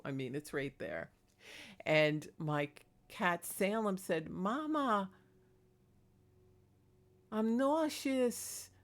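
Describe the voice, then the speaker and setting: A woman talking casually in a rambling, chatty vlog about her paranormal experiences, laughing between thoughts. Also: fairly low pitch. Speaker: paranormal vlogger.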